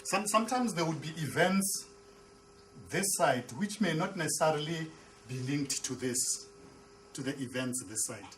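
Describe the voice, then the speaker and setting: A man's voice: on the high side, lively intonation, moderate pace, a little hiss or hum, poor audio. A man, a pastor, teaching a Bible class. He repeats and restarts words and asks the class questions. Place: classroom with a board.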